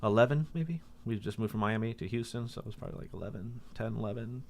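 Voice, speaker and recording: A man co-hosting a podcast, telling a story in casual chat and acting out the people in it with a high voice. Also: fast talker. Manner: animated, acts out quotes in a high voice. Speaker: podcast co-host.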